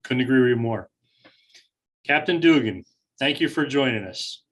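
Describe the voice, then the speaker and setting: A man's voice: medium pitch, lively intonation, normal speed, fairly bright tone. A male co-host on a video call panel, thanking speakers and supporting them.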